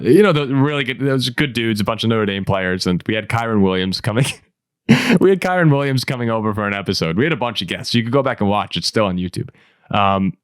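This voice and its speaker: A man in his twenties co-hosting a casual sports podcast, telling stories in an animated way and laughing often. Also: fairly low pitch, dry recording, studio quality. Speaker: podcast co-host.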